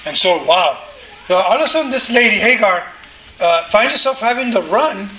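A man preaching a sermon in a conversational, animated way, often asking the listeners rhetorical questions. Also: high-pitched, moderate pace, echoey room, a little hiss or hum, low-quality recording. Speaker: pastor.

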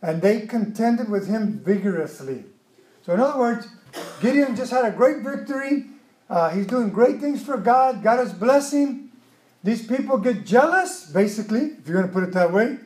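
A man preaching a sermon, emotional and expressive, acting out quotes with sudden loud outbursts. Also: sits high, normal speed, reverberant. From Mexican background.

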